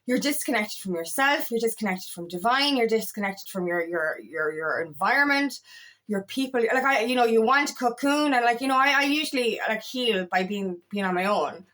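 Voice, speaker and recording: High-voiced woman, frank and profane. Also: animated, normal speed, fairly bright tone. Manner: frank and profane, tells stories with self-quotes. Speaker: feminine empowerment coach. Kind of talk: casual confessional vlog monologue.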